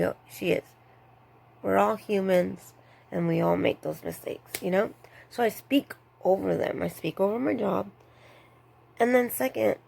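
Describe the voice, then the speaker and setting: A woman who works in retail, casually telling a story about her job and acting out what her coworkers said. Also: vocal fry. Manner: animated, acts out others' lines with higher pitch. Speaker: retail store worker.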